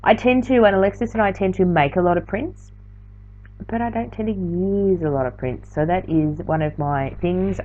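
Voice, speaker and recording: A woman of medium pitch and darkish tone speaks expressively at a moderate pace, with slight background noise. She's a tired art journaling teacher casually rambling through a late-night craft tutorial voiceover and correcting herself, recorded with slightly dull lo-fi sound.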